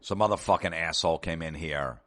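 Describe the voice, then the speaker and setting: Low-voiced sarcastic male comedian. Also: fairly quick, a bit bright. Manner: sarcastic, profane, exasperated. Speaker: comedian host. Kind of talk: comedic rant.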